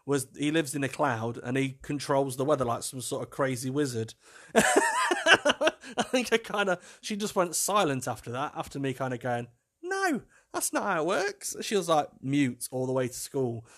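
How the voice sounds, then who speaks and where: A man's voice: mid-range voice, very animated, normal speed, fairly bright tone. A man, hosting a casual solo podcast, chatty and self-mocking, laughing often as he tells stories. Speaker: podcast host.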